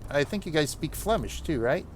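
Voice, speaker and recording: A man's voice: on the high side, lively intonation, fairly quick, slight background noise. Chatty American man from the Northeast. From United States. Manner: rambling, chatty, laughs often. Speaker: streamer. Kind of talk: gameplay commentary chatting with viewers.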